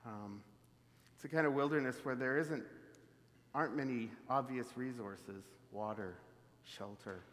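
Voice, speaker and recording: A man's voice: medium pitch, unhurried, long pauses, fairly bright tone. Man preaching in a reverberant hall. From Canadian prairies. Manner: conversational, reflective, with frequent fillers. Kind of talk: sermon.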